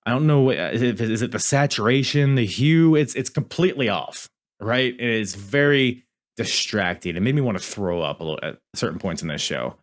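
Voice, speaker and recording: A man's voice: fairly low pitch, animated, normal speed. A man hosting a podcast in casual review chat, rambling and swearing, often cutting himself off mid-sentence. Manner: rambling, profane, self-interrupting. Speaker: podcast host.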